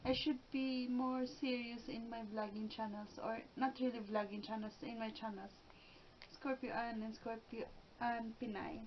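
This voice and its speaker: A woman's voice: a little high, flat delivery. A middle-aged woman vlogging casually at home with her daughter, chatty and giggly. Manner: chatty, giggly, talks slowly. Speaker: vlogger, mother of the co-host. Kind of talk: casual home vlog chat. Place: home room. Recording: dull lo-fi home video sound with faint noise.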